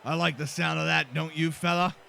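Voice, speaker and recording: A man putting on a mock Irish accent to voice a brash male wrestler pitching a partnership, leaning on the word "fella.". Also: steady tone, brisk, vocal fry, sharp tone, a little hiss or hum, exaggerated voice. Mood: persuading. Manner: persuasive, repeating "fella".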